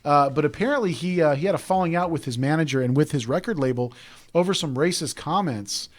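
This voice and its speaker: Male radio host, quick casual patter, dry close mic. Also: fairly high pitch, no echo. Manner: rambling, chatty, digresses with asides.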